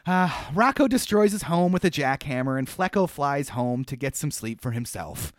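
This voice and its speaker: Animated man rambling through a recap. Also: a little high, normal speed, dry recording, clean studio sound. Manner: animated, rambling with many fillers. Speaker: podcast co-host. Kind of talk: casual podcast chat recapping a cartoon.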